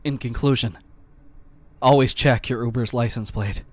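A man giving scripted narration of reader stories in an even, measured delivery. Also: medium pitch, dry recording.

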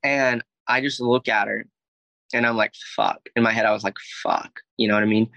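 A young man from Alabama tells a personal story as a guest, rambling casually with constant "like," "I was like," and lots of swearing. His mid-range voice talks fast with fairly even intonation and a sharp edge. The recording sounds muffled.

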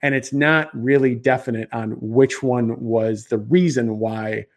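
A man with a Chicago accent, a podcast guest, explaining things in a lively, rambling way with many restarts and fillers. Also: mid-range voice, unhurried. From Chicago area. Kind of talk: conversational interview explanation.

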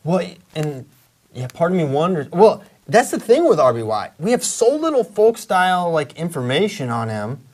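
A man's voice: fairly high pitch, very animated, moderate pace, darkish tone. A man hosting a casual sports talk show, opinionated and rambling, with many restarts. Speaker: podcast host.

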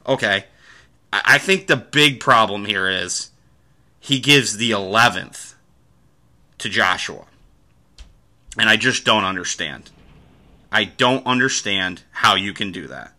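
A man's voice: lowish voice, pushed and bright. A man hosting a podcast, talking through fights in casual sports commentary, rambling with restarts and the odd swear. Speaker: podcast host.

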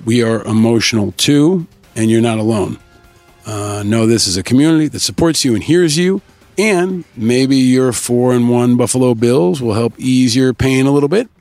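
A man hosting a podcast, upbeat as he reads out shout-outs and thanks to listeners in a casual scripted way. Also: mid-range voice, no room sound. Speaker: podcast host.

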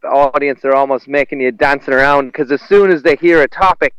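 A man's voice: medium pitch, a little fast, fairly bright tone, clear, resonant tone, dry recording, poor audio. A man, a stand-up comedian chatting casually, rambling through stories with restarts and laughter. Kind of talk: casual conversation.

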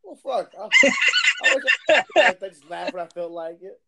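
A man's voice: high-pitched, moderate pace, gravelly, crowd noise. A man telling stories in a casual podcast chat, laughing often. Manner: animated storyteller, laughs a lot. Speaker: podcast guest.

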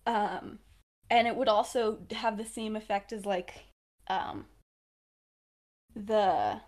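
A woman's voice: mid-range voice, takes it slowly, darkish tone. A young woman co-hosting a podcast, telling a story in casual chat, with many fillers and laughs. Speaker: podcast co-host.

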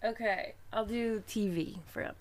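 A woman's voice: fairly high pitch, unhurried. A woman playing as a contestant in a casual quiz game, teasing and playful. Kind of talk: casual game show chat.

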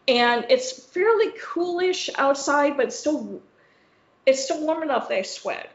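Rambling, swearing woman telling a story. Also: high voice. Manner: rambling, swearing, heavy use of "like". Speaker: podcast co-host. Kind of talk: casual storytelling chat. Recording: roomy, slightly dull sound.

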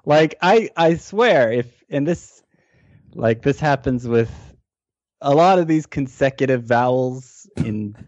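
Male co-host, mid-pitched, thinks out loud with restarts; dull, dry remote audio. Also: lively intonation, takes it slowly, no room sound. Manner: hesitant, restarts often when explaining. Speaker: fantasy baseball analyst. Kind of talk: fantasy baseball podcast chat.

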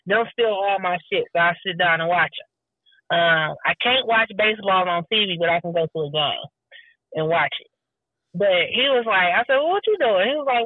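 A woman telling stories in a casual chat, animated and acting out what people said. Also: mid-range voice, dry recording. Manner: animated storytelling, acting out quotes. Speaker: podcast guest. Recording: tinny phone line, dry.

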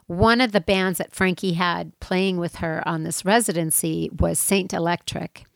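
Gravelly-voiced woman, dry close sound. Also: lowish voice, steady tone, moderate pace, no room sound. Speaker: co-host. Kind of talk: casual chat.

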